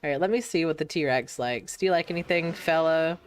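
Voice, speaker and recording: Low, smooth-voiced woman streamer. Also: a little fast. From United States. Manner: chatty, laughs often, playful swearing. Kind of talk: casual gameplay chat.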